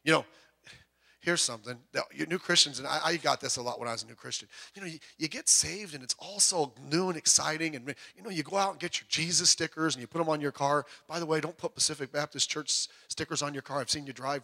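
A middle-aged man preaching a sermon as a pastor, animated and joking, sometimes breaking into loud outbursts. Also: fairly high pitch, fast, creaky. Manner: puts on voices when quoting people.

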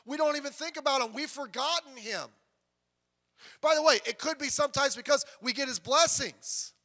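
High-voiced preaching man in a reverberant hall. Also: moderate pace. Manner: animated preaching with sudden loud emphasis and quiet asides. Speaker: pastor. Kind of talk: sermon. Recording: long reverb of a church hall.

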